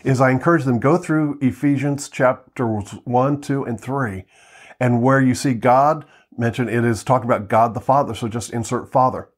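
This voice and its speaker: A man giving an earnest Bible teaching, slowing down to read verses and often repeating words as he talks. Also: medium pitch, fairly even intonation. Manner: earnest, reads scripture slowly, repeats words. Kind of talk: teaching sermon. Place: at home, seated with Bible on lap.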